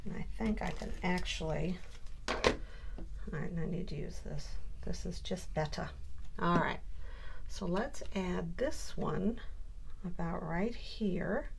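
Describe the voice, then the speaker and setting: A woman's voice: on the low side, slow, creaky, pauses often, background noise. A woman hosting a casual scrapbooking tutorial, chatting through each step and telling a story as she works. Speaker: crafting channel host.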